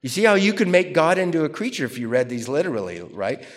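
This man teaches theology in a lively, conversational lecture, talking fast in a fairly high voice. He reads quotes aloud to the class and challenges them.

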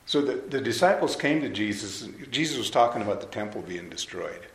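A man's voice: fairly low pitch, animated, a little fast. A man preaching a sermon to a live audience in a conversational way, asking them questions. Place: hall with an audience. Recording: roomy hall, faint noise.

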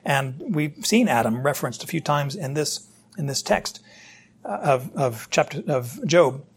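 A man's voice: a little high, animated, measured pace, slight background noise. A man, a pastor preaching a verse-by-verse Bible teaching sermon and talking directly to his congregation. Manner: conversational, explanatory, addresses the congregation directly.

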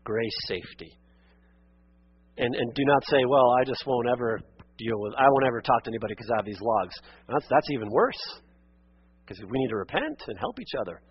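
Earnest husky-voiced man preaching a sermon. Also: mid-range voice, lively intonation, brisk, highs cut off. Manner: earnest, exhorting, rising to emphatic peaks and dropping to quiet asides; addresses listeners as friend and beloved. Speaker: pastor. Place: church sanctuary.

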